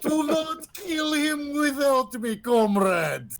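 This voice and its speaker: A man voicing a rowdy drunken male brawler in a tabletop game, shouting in a drawn-out, theatrical way. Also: very high voice, big pitch swings, pitched above the performer's own voice, exaggerated voice. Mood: battle-hungry.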